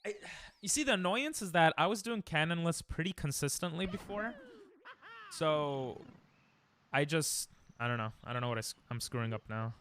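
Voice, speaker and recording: A young man chatting casually and excitably while he streams a speedrun, joking and breaking into laughter. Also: a little high, normal speed, slight background noise. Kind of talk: casual gaming stream chat.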